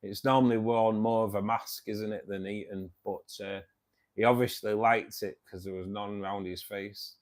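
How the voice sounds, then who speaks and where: Mancunian bloke in his 50s, lowish voice, chatty livestream host, says mate loads. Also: fairly even intonation, moderate pace. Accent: Mancunian English. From England, Manchester. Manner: chatty and matey, keeps saying "mate". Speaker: livestream host of a fishkeeping club. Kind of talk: casual livestream chat answering viewers.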